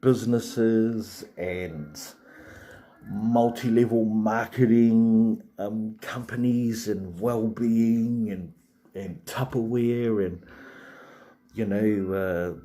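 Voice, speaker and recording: A man's voice: on the low side, fairly even intonation, drawn-out words, dark tone. A man, hosting a live stream and rambling chattily to viewers with many fillers and restarts. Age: 40s.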